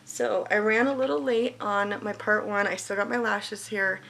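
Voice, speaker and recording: Woman beauty vlogger, gravelly creaky voice, blunt and candid, swears freely, faint background hiss. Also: mid-range voice, normal speed, fairly bright tone, poor audio. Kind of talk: casual makeup tutorial chat.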